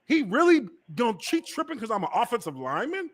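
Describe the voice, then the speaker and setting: High-voiced, excitable former-lineman host. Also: quick pace. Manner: profane, acts out quoted voices, laughs often. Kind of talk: animated storytelling, casual chat.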